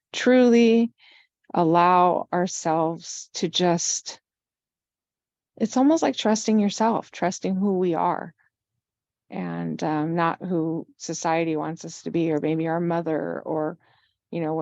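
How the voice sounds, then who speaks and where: Woman in her 50s, low gravelly voice, slow and heartfelt, dry dull-sounding lo-fi recording. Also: darkish tone, no room sound. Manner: earnest, reflective, heartfelt. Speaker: podcast guest. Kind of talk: candid conversation.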